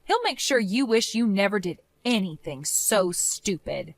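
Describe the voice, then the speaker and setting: A young woman narrating her own story and playing its lead, speaking in a cold, firm and measured way as scripted story voice acting. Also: medium pitch, big pitch swings. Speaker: narrator and main character.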